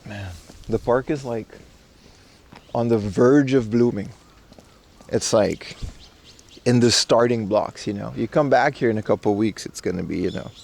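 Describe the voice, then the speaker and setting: Gravelly-voiced man live-streaming outdoors. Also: fairly low pitch, moderate pace, long pauses, a little mellow. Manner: rambling, slangy, reads chat aloud. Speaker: IRL streamer. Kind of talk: casual live-stream chat. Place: outdoors in a park in Japan.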